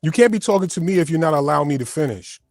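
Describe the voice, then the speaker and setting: A man's voice: on the high side, lively intonation, rapid-fire, darkish tone, no echo, studio quality. A man speaking as a guest in a heated panel debate, emotional and stammering, repeating himself.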